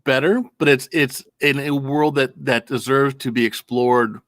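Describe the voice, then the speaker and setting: A man co-hosts a casual talk, pausing often as he hunts for words. His voice is recorded close and dry, with no room sound. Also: medium pitch, steady tone, a bit bright, no room sound. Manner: halting, searches for words. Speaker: co-host. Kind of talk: casual chat.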